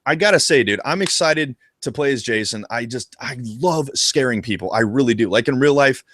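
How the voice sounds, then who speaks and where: Excitable, foul-mouthed male gaming host. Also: mid-range voice, brisk, hardly any pauses, no echo, studio quality. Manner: excitable, profane, animated. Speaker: co-host of a retro gaming show. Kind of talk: casual live discussion.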